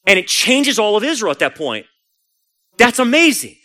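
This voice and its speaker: A man's voice: high-pitched, very animated, moderate pace, pushed and bright. A man preaching a sermon as a pastor, telling a story animatedly and acting out the voices.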